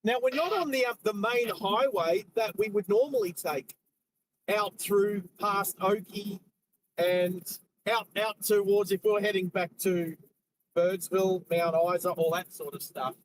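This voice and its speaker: Driving and streaming live, an Australian man hosts a casual chat with viewers, hopping between road commentary and their messages as he points out sights. His voice is high-pitched and a little slow, with background noise.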